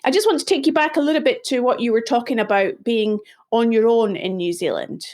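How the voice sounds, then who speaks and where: A woman hosting a podcast, asking thoughtful, measured interview questions. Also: on the high side, darkish tone. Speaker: podcast host.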